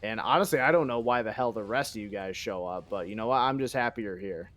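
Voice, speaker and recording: A man's voice: lowish voice, fast talker, fairly bright tone. A man streaming a game live, rambling and joking in casual chat and swearing freely.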